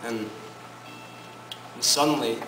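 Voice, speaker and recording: Guy talking softly over his acoustic guitar at a coffee house gig, kinda far from the mic, echoey room. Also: mid-range voice, noisy background. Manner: quiet, unhurried storytelling over guitar. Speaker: singer-songwriter performing live. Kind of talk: spoken story introducing a song. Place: coffee house performance space. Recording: roomy, distant live recording with loud guitar. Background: loud live acoustic guitar.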